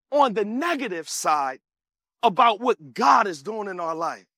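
High, bright-voiced male preacher. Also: takes it slowly, no echo, studio quality. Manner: animated call-and-response, bursts of shouting. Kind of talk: sermon.

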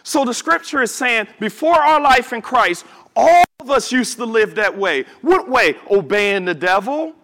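A man preaching to his congregation in a high, bright voice that swings widely between soft murmurs and sudden shouts. He speaks slowly and stretches key words for emphasis. He also slips into casual, chatty asides to the people in front of him. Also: expressive. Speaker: pastor. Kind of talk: sermon. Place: church service before a congregation.

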